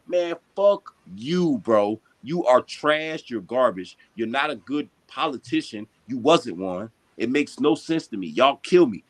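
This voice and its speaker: A man's voice: medium pitch, expressive, a little slow, hardly any pauses. A man hosting a podcast, talking in a heated, casual and profane way, full of slang and emphasis. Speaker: boxing podcast host.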